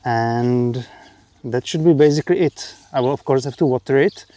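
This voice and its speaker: A man co-hosting a homesteading vlog, chatting casually outdoors in a garden with dry, deadpan humor. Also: medium pitch, moderate pace, no echo. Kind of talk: casual chat.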